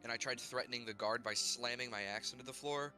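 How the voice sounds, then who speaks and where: Young guy retelling his tabletop character's story, halting and full of ums, bright tense voice. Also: mid-range voice, soft background music. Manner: halting, full of fillers and restarts. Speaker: player. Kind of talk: recapping a tabletop game character's backstory.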